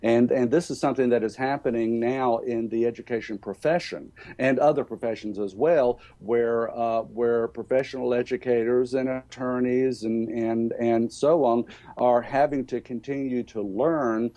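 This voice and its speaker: An older man with a Southern accent, answering interview questions about education in a halting way, with many fillers and restarts. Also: mid-range voice, fairly even intonation, dark tone. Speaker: education speaker.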